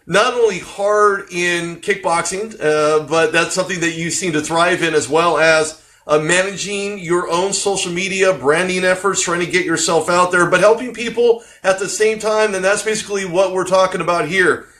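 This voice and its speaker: A man's voice: high-pitched, steady tone, normal speed, fairly bright tone. A man hosting a live-streamed interview show, asking long rambling questions with lots of energy. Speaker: host.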